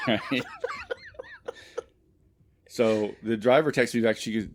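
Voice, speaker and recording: A man with a fairly low voice rambles through a long anecdote on a casual podcast. He swears constantly, keeps checking in with "right?", and breaks into loud laughter at his own jokes. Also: wildly swooping pitch, slow, long pauses, a little hiss or hum. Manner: profane rambling storyteller, laughs loudly. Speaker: podcast co-host. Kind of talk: casual chat.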